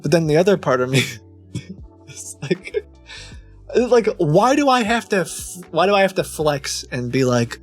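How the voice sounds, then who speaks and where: A man's voice: on the high side, very animated, measured pace, pauses often, soft background music. A man in his thirties hosting a show, telling a story in a casual, exasperated, rambling way. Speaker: streamer and host of a scam-baiting show. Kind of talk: casual chat.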